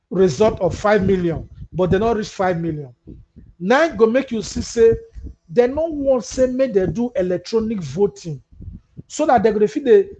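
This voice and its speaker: A man's voice: high-pitched, dark tone. A Nigerian man with a Nigerian Pidgin English accent, hosting a live political talk show, reading viewer comments and answering them with mocking asides. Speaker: host. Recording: muffled lo-fi audio with faint hiss.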